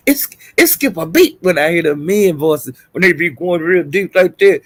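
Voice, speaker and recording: High-voiced gossipy man, drawling slow. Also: lively intonation. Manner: gossipy, laughing, exclaiming "child" and "honey". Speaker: livestreamer. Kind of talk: casual livestream gossip storytelling.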